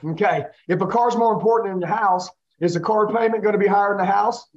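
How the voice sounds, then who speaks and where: Intense high-voiced male sales coach. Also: steady tone, quick pace, highs cut off. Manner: intense, coaching, repeats the listener's name. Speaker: sales trainer. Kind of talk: live sales training role-play.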